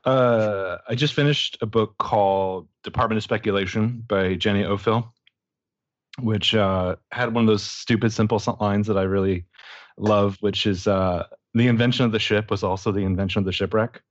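A man's voice: fairly low pitch, fairly even intonation, normal speed, no room sound, lo-fi sound. A man co-hosting a podcast in casual chat, joking and laughing often, with lots of fillers. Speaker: podcast co-host.

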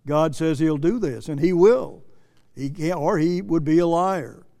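A man's voice: fairly high pitch, unhurried, mellow, in a large hall. A man preaching a sermon as pastor, earnest and plain-spoken, repeating himself and lifting his voice when he quotes scripture.

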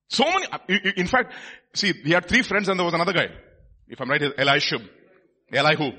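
A male preacher delivers a lively sermon. His voice is bright and a little husky, with a wide, expressive pitch range. He moves between forceful emphasis and hushed, quiet asides. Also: fast talker.

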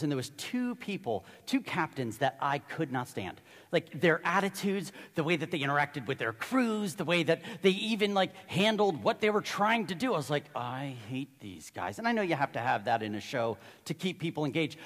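A man delivers a sermon as an animated storyteller, acting out the people in his story. His voice sits high and swings widely in pitch. The long reverb of a large hall carries behind him. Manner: storytelling, animated, acts out quotes. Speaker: pastor. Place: church hall.

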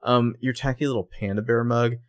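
A man's voice: mid-range voice, steady tone, brisk, lightly acted. A man voicing a haughty, demanding female fashion designer boss who talks down to her staff. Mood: condescending. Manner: condescending, cutting.

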